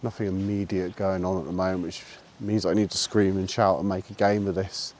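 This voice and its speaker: A man chatting casually outdoors while walking his dog, relaxed and explaining his training. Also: deep voice, brisk, a little hiss or hum. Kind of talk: casual walking vlog chat. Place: outdoors on a walk.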